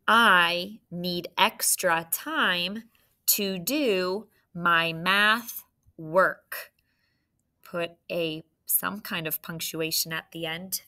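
An adult woman teacher giving a recorded phonics lesson, dictating slowly and prompting students with questions. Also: on the low side, bright, forceful tone.

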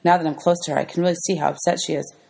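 A woman teacher reading a children's novel aloud to her students in a gentle, clear storybook manner. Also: low-pitched, steady tone, racing.

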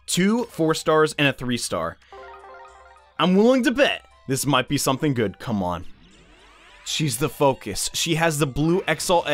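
Excitable young man narrating a gacha game. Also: medium pitch. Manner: excitable and chatty, with frequent exclamations. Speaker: YouTube gaming host. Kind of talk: casual gaming commentary.

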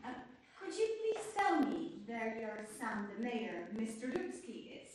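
A woman playing a lively young trader girl. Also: a little high, a little hiss or hum. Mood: animated. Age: young adult. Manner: animated storyteller, slow and expressive. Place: theater stage. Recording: echoey stage from far off.

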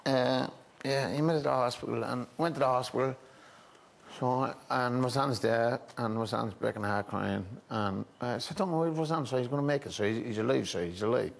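An Irish man telling a story as a chat show guest, halting and repetitive, with frequent restarts and "I said". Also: mid-range voice, fairly even intonation, gravelly. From Ireland.

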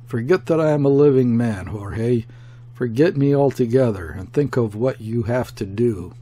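A man's voice: medium pitch, unhurried, warm tone, slightly rough. A man voicing a proud soldier crushed under a cannon, strained and commanding. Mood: urgent, commanding.

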